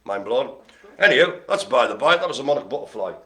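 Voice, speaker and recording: A man's voice: medium pitch, big pitch swings, fast talker, fairly bright tone. A man hosting a live-streamed bingo game, cracking jokes and rambling in a chatty way to a helper off-mic. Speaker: bingo caller and host.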